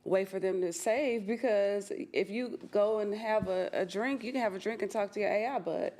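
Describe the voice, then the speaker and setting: A woman's voice: mid-range voice, moderate pace, darkish tone. Chatty woman explaining on a podcast. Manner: explanatory, many ums and you-knows. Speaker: podcast co-host. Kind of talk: casual chat.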